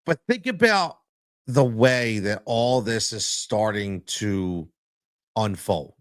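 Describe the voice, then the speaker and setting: A man's voice: on the low side, animated, slow, dry recording, studio quality. A man hosting a solo sports podcast as a coach, talking emphatically and repeating his points for stress.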